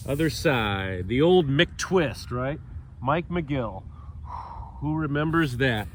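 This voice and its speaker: A man in his fifties leading a morning stretch outdoors, upbeat and jokey, a little stuffy and clearing his throat now and then. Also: mid-range voice, animated, slow pace, a little hiss or hum. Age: 50s. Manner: upbeat, jokey, cues movements while doing them. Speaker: fitness coach. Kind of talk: guided stretching instruction. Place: outdoors on a mat on grass.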